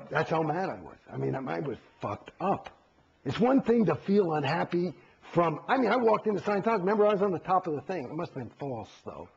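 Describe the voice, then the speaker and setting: A man's voice: sits high, vocal fry, slightly rough, lo-fi sound. A middle-aged man giving an interview, talking candidly and profanely, acting out quotes as he tells his story. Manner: profane, animated, acts out quotes. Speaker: interview guest.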